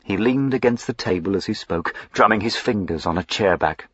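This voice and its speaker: Deep husky male audiobook narrator. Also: normal speed, a bit bright, no echo, dull audio. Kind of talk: scripted narration.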